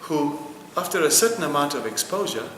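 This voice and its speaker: A man's voice: on the high side, lively intonation, fairly quick, background noise. A man being interviewed, speaking with passion and emphasis and repeating phrases to drive his point home. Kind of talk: impassioned interview answer. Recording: roomy hall with long reverb, faint music.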